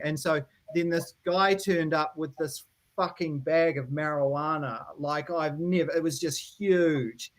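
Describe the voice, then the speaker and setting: A man's voice: on the high side, fairly even intonation, measured pace. A man, a band member telling a laughing, rambling studio story and mimicking voices. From New Zealand. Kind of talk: casual storytelling interview.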